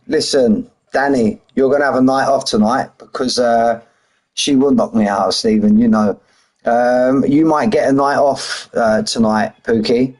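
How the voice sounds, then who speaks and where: A middle-aged British man with a husky voice, chatting casually on a sim racing stream and bantering with viewers. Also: medium pitch, a little mellow, poor audio. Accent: British English. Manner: chatty, banters with chat, drops h's and says "mate". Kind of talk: casual live-stream chat.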